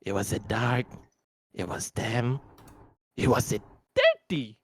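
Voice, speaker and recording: A woman playing a tabletop role-playing game, describing her character's actions in a halting way and often restarting her sentences. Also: a bass voice, darkish tone, slightly rough. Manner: halting, repeats herself, laughs at her own ideas. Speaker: player.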